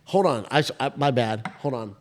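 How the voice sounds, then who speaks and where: A man in his thirties co-hosting a podcast, retelling a story in a rambling, animated way with lots of restarts and swearing. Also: mid-range voice, moderate pace, background noise. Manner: rambling, animated retelling with many "I was like" asides; frequent restarts and profanity. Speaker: podcast co-host. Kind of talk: casual storytelling chat.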